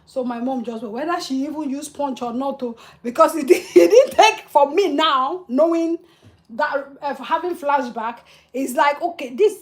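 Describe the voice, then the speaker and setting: A middle-aged woman, hosting a livestream and telling a childhood family story with emotion and laughter. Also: high voice. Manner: emotional, laughing between tender memories. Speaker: livestream host.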